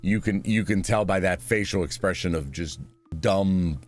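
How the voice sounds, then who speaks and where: A man's voice: deep voice, normal speed, soft background music. A man giving sarcastic, scornful reaction commentary, rambling and restarting as he mocks.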